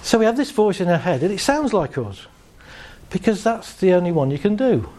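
A man giving a humorous, animated talk to a live audience, shifting his pace and voice for effect. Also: high-pitched, brisk. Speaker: speaker.

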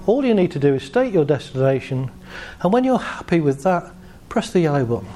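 A stiff male future car announces each choice in a flat, robotic way, voiced by a man. It sounds literal-minded and never shifts its tone, even when it mishears. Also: on the high side, a little fast, slight background noise.

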